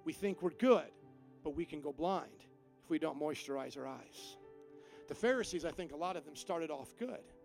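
Pastor, male, high-pitched voice, emphatic sermon delivery with big dynamic swings, faint music underneath. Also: expressive, normal speed, creaky. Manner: emphatic preaching, swings from quiet to loud.

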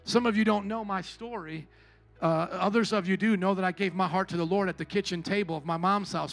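Pastor guy preaching, high bright voice, goes from low storytelling to loud shouting. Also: steady tone, brisk, soft background music. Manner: preaching with big swings between quiet storytelling and shouting. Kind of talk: sermon. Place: church service.

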